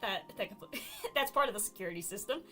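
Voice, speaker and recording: A woman's voice: medium pitch, lively intonation, fast, fairly bright tone, faint music behind. A woman streaming a game, chatting casually and telling a rambling story with frequent laughs. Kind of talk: casual chat while gaming.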